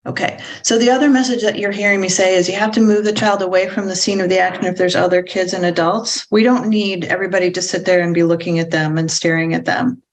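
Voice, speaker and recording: A woman with a somewhat low voice delivers a relaxed, unscripted parenting lesson. She speaks in halting phrases, often circling back and restarting her sentences. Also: poor audio. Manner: halting, many restarts, acts out children's and parents' lines. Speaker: parenting educator. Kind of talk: informal spoken lecture.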